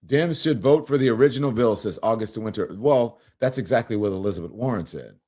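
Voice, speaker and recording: A man hosts a live political talk stream in a loose, animated way. He laughs now and then and reads viewer comments aloud. His voice sits at an ordinary middle pitch. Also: fairly quick. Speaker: host.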